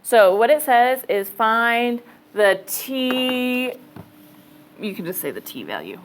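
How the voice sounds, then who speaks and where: Her voice slightly high and very animated, a woman math teacher moves slowly through a chatty classroom lecture. She thinks out loud, checks on her students, and often says "okay," on a rough recording with a little hiss or hum.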